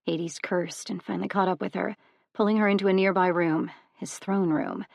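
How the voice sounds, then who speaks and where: A woman narrating an audiobook in a steady, even storytelling manner. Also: mid-range voice, normal speed, vocal fry, dry recording, studio quality. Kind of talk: scripted narration.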